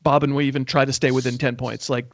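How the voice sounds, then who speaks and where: A man's voice: medium pitch, flat delivery, fast, no room sound. A man co-hosting a football betting show, chatting casually with wry, sarcastic jabs. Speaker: NFL betting podcast co-host. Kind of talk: casual sports betting chat.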